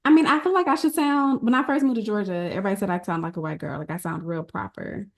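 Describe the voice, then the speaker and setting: A woman's voice: medium pitch, fast, gravelly. Candid woman podcast co-host. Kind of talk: casual chat.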